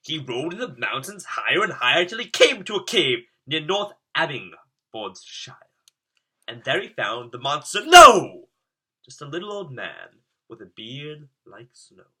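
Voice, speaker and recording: A man reading a rhyming storybook aloud in a lively, sing-song way. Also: fairly high pitch, unhurried, slightly rough. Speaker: storybook reader.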